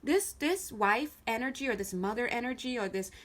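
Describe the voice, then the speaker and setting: This tarot card reader swears freely and talks bluntly through a casual table reading, her expressive intonation swinging a great deal. Her voice is highish and a bit bright, and she speaks at normal speed. The camera is filming the cards on the table.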